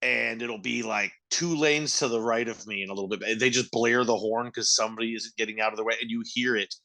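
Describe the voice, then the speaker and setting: A male podcast co-host jokes and riffs in casual chat. His tone is bright and forward, at a middling pitch. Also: steady tone, gravelly. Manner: joking, quick to riff.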